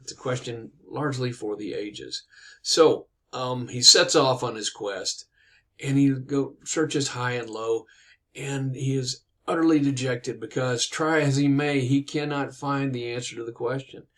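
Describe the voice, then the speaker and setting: A man's voice: medium pitch, unhurried. Casual conversational male storyteller. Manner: conversational, with fillers and asides. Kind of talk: casual retelling of a tale.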